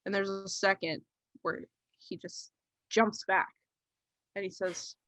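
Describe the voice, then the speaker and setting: A woman narrating as game master of a tabletop game, halting and full of fillers, on a close mic. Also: mid-range voice, fairly even intonation, a bit bright, no echo. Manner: halting, full of ums and likes.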